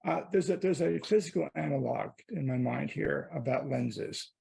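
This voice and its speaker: Brief: male participant, dark mellow voice, very husky, hesitant polite delivery. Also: on the high side, moderate pace. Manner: hesitant and polite, restarts before making his point. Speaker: session participant. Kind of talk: discussion contribution.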